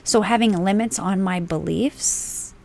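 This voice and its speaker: Slow, gravelly-voiced woman preaching. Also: medium pitch, a little mellow. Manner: emphatic, swears for stress, slow deliberate phrasing. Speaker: spiritual channel host. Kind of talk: unscripted spiritual monologue.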